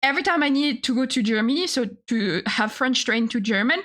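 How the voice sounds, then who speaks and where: High bright young woman ranting. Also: animated, a little fast. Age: young adult. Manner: profane, exasperated, laughs often. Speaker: streamer. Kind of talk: casual storytelling rant.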